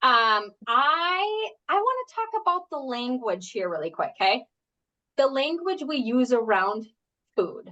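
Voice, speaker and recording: A woman's voice: high-pitched, big pitch swings, a little slow, pushed and bright, dull audio. A woman health coach leading a live group workshop from home, talking in a chatty, rambling way full of fillers and asides. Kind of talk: casual live workshop talk. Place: at home, indoors.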